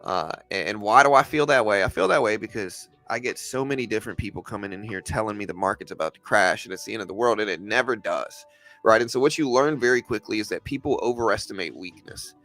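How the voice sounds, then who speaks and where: A man's voice: on the low side, fast, a bit bright, soft background music. A man hosting a casual livestream about the markets, talking straight back at viewers and often stumbling and restarting as he argues his point. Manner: repeats himself, stumbles and restarts. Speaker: livestream host. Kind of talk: casual livestream market commentary answering chat.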